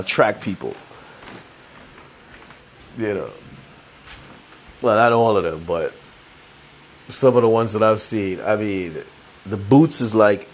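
A man hosting a casual solo sports podcast, rambling in a relaxed, slangy way and laughing often. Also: lowish voice. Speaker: podcast host.

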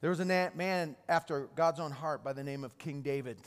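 A man's voice: a little high, fairly quick, clear, resonant tone. A man preaching a sermon, retelling Bible stories with restarts and repeated words. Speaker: pastor. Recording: long hall reverb.

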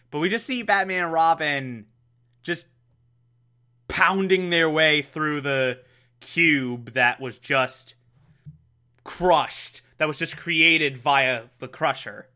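A man's voice: on the high side, bright, forceful tone. A man hosting a casual episode recap podcast, chatty and jokey, laughing often. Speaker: podcast host.

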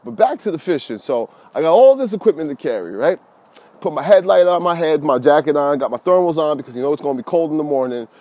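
A middle-aged man talks in a casual, lively monologue, calling his listeners "y'all" and drifting into preachy advice. His voice is mellow and warm, set at an ordinary middle pitch for a man. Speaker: fishing podcaster.

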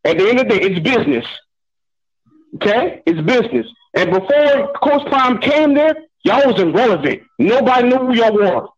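A male caller on a radio show, laid-back and reassuring, repeating himself to calm listeners. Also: very high-pitched, moderate pace, muffled recording. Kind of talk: call-in radio chat.

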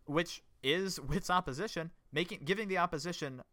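A man's voice: fairly high pitch, a little fast, sharp tone, no room sound, studio quality. A man co-hosting a casual podcast chat, talking ideas through in a thoughtful, analytical way. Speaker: podcast co-host.

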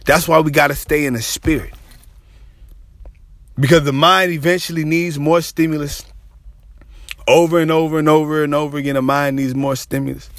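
A man preaching with fervent, repetitive intensity, his voice sitting a little high for a man. He stretches phrases and lets some lines rise into a half-sung cry. The sound is close and dry, with no room around it. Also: a bit bright, no echo. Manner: impassioned, repetitive, dramatic pauses, half-sung cries. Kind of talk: sermon.

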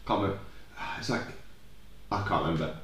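Rambling low-voiced man. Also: brisk, a bit bright, echoey room. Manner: rambling, tangent-prone, swears freely. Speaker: podcast co-host. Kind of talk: casual chat.

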